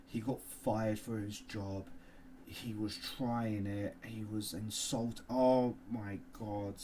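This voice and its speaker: A man co-hosting a podcast in casual chat, animated, often exclaiming and swearing, trailing off mid-sentence. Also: on the low side, takes it slowly, slight background noise. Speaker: podcast co-host.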